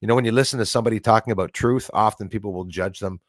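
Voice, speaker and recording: A man's voice: lowish voice, very fast, no echo, studio quality. A middle-aged man from Canada hosting a live stream, chatting casually and rambling as he reads viewer comments aloud. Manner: chatty, rambling, laughs often.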